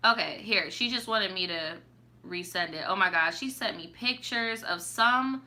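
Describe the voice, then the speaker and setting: A woman's voice: mid-range voice, moderate pace, bright, forceful tone. A young woman hosting a casual live stream, reading viewer stories aloud and reacting to them in slang. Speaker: storytime YouTuber.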